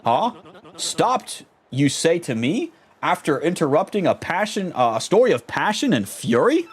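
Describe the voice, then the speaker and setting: Flavio, a shrill pompous merchant voiced by a man. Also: big pitch swings, measured pace, breathy edge, heavily acted. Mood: haughty. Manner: flustered and fussy, stammering in high shrill panic. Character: pompous, easily panicked rich male merchant.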